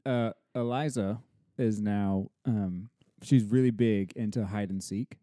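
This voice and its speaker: A man co-hosting a casual podcast, telling animated stories about his toddler and acting out her lines. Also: fairly low pitch, unhurried, no echo, studio quality. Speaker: podcast co-host, father of a toddler.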